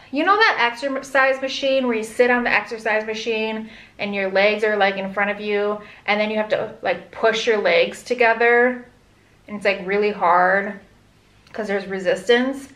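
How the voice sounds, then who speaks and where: A woman's voice: mid-range voice, fairly even intonation, a little slow, a bit bright. A young pregnant woman vlogging casually, rambling candidly with lots of "like". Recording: echoey room.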